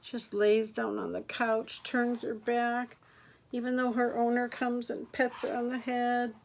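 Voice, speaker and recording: An older woman, a grandmother, reading picture books aloud to children in a gentle, expressive way, gasping and asking them questions. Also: fairly high pitch, measured pace, gravelly, a little hiss or hum. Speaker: grandmother storyteller.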